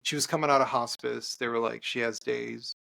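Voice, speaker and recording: A man, a podcast guest and author, telling an earnest personal story in conversation, halting with restarts and fillers. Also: medium pitch, fairly even intonation, vocal fry, sharp tone.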